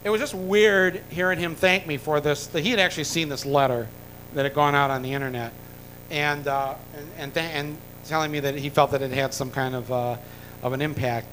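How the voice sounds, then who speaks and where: An American man tells a long, rambling story to a crowd, full of ums, restarts and dry asides. His voice sits a touch high for a man. A faint rumble runs underneath. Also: fairly even intonation, a little fast, a bit bright, rough recording. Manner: rambling, full of fillers and restarts, wry jokes. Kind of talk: rambling anecdote told to an audience.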